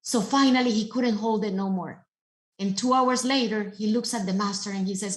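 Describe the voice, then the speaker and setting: A woman motivational speaker giving a keynote talk with animated, emphatic storytelling. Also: medium pitch, moderate pace, roomy sound.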